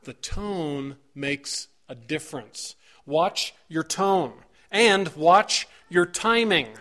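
A middle-aged man preaching to his congregation, his voice sitting a little high for a man. He talks earnestly, acts out little examples and pushes his emphasis upward as the point builds. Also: drawn-out words, bright, forceful tone. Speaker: pastor. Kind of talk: sermon.

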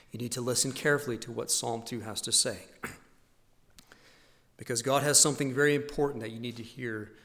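Male pastor, sermon delivery, mid-range voice, earnest swells and hushed drops, echoing sanctuary. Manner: earnest preaching, swells loud on key points and drops low and soft. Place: church sanctuary. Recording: long hall reverb.

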